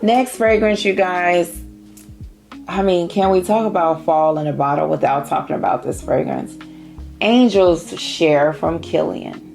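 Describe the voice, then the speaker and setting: A middle-aged woman talks through her perfume collection in a relaxed vlog. Her voice is low-set, warm and gravelly, and she takes her time. Faint music plays under her. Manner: chatty, savoring, drawn-out phrasing. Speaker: fragrance vlogger. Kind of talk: casual perfume review.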